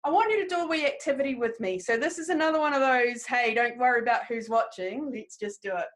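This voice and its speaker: A woman leads a live training webinar. Her voice sits high and bright in pitch, and she keeps an upbeat, encouraging tone as she speaks directly to her listeners. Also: fast. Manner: upbeat, encouraging, talks straight to the audience. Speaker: presentation skills trainer.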